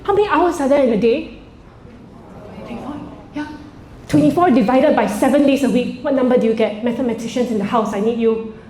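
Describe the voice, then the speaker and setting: A high-voiced woman works a live crowd from the stage, telling her stand-up material with theatrical swings into sudden, loud outbursts. Her voice rings around a roomy space, with faint ambience beneath it. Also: slight background noise. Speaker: stand-up comedian. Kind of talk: stand-up comedy. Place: stage before a live audience.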